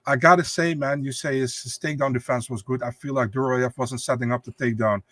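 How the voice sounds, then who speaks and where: Guy cohosting a podcast, kinda halting, drops swears, dry close sound, medium pitch. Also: fairly even intonation, fairly bright tone, dry recording. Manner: loose, halting, casually profane. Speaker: podcast co-host. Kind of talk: casual sports podcast chat.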